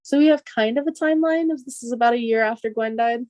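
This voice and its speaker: A woman co-hosting a podcast, chatting casually as she recaps a TV episode, with an animated, laughing way of retelling it. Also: on the high side, quick pace, no room sound. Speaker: podcast co-host.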